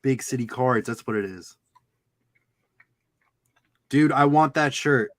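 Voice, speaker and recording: Slow-talking man greeting livestream viewers. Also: medium pitch, dry recording. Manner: playful, greets viewers by name, jokey. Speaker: livestream host. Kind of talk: casual livestream chat.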